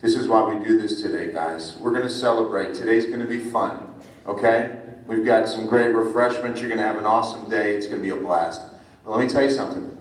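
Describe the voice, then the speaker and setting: A middle-aged man from New Jersey giving a friendly, animated speech to students as a guest speaker at a school ceremony. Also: fairly low pitch, a little fast. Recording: echoey hall from far off, faint ambience.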